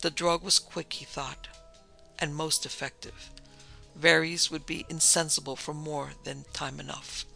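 Male narrator for a dark tale, gravelly, a touch high, faint music underneath. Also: flat delivery, unhurried, rough recording. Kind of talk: scripted story narration.

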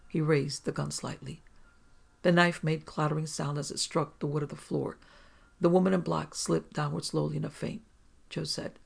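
A reader narrating a pulp detective story in an even, plain reading. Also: medium pitch, normal speed, creaky, husky. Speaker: audiobook reader.

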